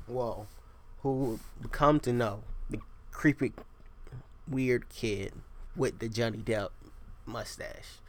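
A young man hosting his own podcast, rambling casually with lots of swearing and tangents. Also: lowish voice. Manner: profane, digressive, self-deprecating. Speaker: podcast host.

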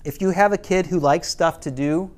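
A man's voice: moderate pace, a little mellow. A middle-aged man teaching a parenting class, telling a story with quoted lines in a casual way. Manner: casual, quotes parents and kids in lowered voices, some restarts.

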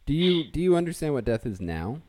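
A man's voice: a little high, very animated, fairly quick, mellow, dry recording, clean studio sound. A man hosting a podcast, chatting casually and jokily as he recaps a sitcom episode, rambling with fillers. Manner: rambling, jokey, with many fillers. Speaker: podcast host.

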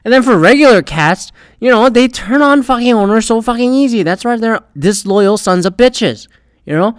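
A young adult man hosting a podcast, ranting in a rambling, profane, animated way. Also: very high-pitched, normal speed, clean tone, dry recording. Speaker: podcast host. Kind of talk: profane solo rant.

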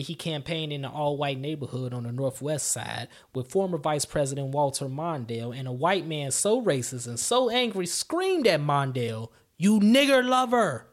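A man hosting a history podcast, telling it in an animated, outraged way with swearing asides. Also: a little high. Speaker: podcast host.

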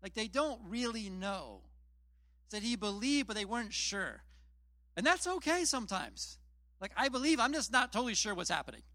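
Guy pastor chatting thru a sermon, highish voice, super dry close sound. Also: big pitch swings, moderate pace, pushed and bright, no echo. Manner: retells scripture in plain, chatty storytelling; self-deprecating asides. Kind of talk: casual conversational sermon.

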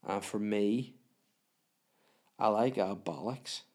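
A man's voice: on the low side, steady tone, moderate pace. A man with a Northern Irish accent hosting a casual solo podcast from a room at home. He answers listener questions in a sweary, self-mocking, rambling way. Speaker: podcast host.

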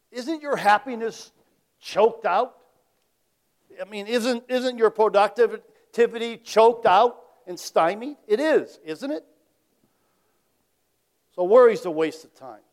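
High-voiced man preaching with rhetorical questions. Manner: conversational, asks the audience rhetorical questions; varies loudness, dropping to quiet tag questions. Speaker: pastor. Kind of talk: sermon.

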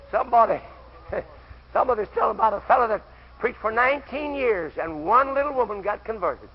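An older man preaching a fervent camp meeting sermon, telling stories with quoted voices and breaking into shouts, on an old recording. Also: extremely high pitch, sing-song, a little fast, pauses often, slight background noise. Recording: dull lo-fi old tape recording.

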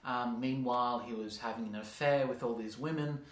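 A man hosting a podcast speaks fairly quickly at a medium pitch, with background noise and a roomy echo in the recording. His casual chat rambles along with frequent laughs and playful voices for examples.

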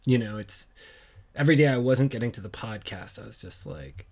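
A man's voice: fairly low pitch, a little fast, gravelly, darkish tone. A man hosting a casual solo podcast, rambling and joking at his own expense, with lots of fillers and asides. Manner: rambling, joking, self-deprecating; frequent fillers and trailing asides. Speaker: podcast host.

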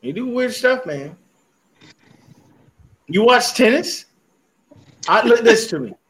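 A man with a high, bright, ringing voice riffs through a loose sports podcast. He tells stories with big energy and swears constantly. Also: slow. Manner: animated storytelling with heavy cursing. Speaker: podcast co-host. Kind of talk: casual profane sports chat.

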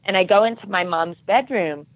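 A middle-aged woman telling her story as a podcast guest, earnest and animated. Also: mid-range voice, a little fast, no room sound, narrow, tinny audio. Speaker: podcast guest, triathlon coach.

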